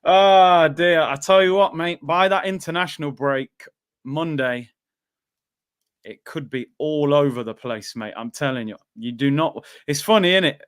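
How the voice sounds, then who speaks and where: A host with a slightly high-pitched voice leads a relaxed football chat. He speaks bluntly and animatedly and sticks to his strong opinions. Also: a little slow, smooth.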